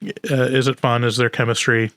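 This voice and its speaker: A man's voice: medium pitch, level tone, moderate pace, a bit bright, dry recording. A man co-hosting a podcast, chatting loosely with lots of fillers and jokes. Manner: loose, filler-heavy, joking. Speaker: podcast co-host. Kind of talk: casual podcast chat.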